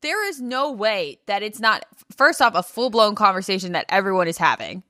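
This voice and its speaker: A woman co-hosting a casual podcast, talking in a playful, blunt way and laughing easily. Her voice is bright and forward, and the close mic sounds dry, with no room around it. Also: medium pitch, expressive, fairly quick, dry recording. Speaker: podcast co-host. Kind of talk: casual chat recapping a reality show.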